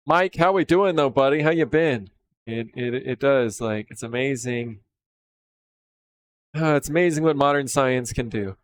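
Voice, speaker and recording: A man in his thirties chatting casually on a live stream, relaxed and rambling as he talks with viewers while working. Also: medium pitch, a little slow. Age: 30s.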